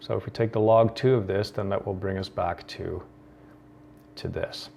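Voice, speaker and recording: A man's voice: deep voice, steady tone, moderate pace, vocal fry, mellow, slight background noise. A man from the Netherlands hosting a coding tutorial, thinking aloud with many ums and restarts. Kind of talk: screen-recorded coding tutorial.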